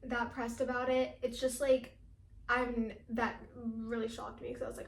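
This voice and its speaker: A teenage girl vlogging in a casual, chatty way, talking fast with lots of fillers and laughing often. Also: on the high side, flat delivery, reverberant, slight background noise. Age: teens. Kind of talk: casual chat.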